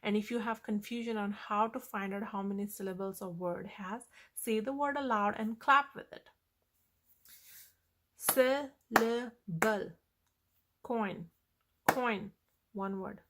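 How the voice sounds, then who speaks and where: A woman's voice: mid-range voice, normal speed, fairly bright tone, slight background noise. A woman teaching a phonics lesson on vowel sounds, explaining patiently and repeating the key points.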